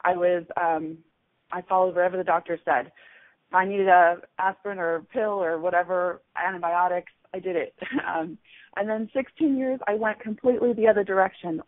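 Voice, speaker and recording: A woman calling into a radio show as a guest, talking chattily about her own experience. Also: lowish voice. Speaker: caller, guest author. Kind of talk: casual phone interview. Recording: tinny phone line.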